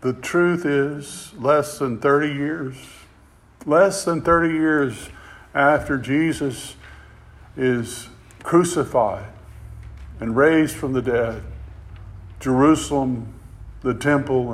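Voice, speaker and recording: A man preaching a sermon with passion. He climbs louder and higher to stress a point and often repeats words as he goes. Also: takes it slowly. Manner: impassioned, rising in pitch and volume for emphasis, repeats words.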